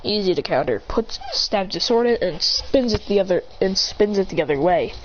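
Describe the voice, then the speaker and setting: A woman's voice: medium pitch, expressive, normal speed, dull audio, a little hiss or hum. Rambling woman narrating fan fiction. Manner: rambling, self-correcting. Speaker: storyteller.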